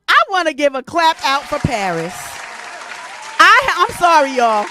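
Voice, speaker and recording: A woman hosting a casual live stream, animated and laughing often, greeting viewers by name. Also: sits high, unhurried, no room sound, a faint crowd. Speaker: host.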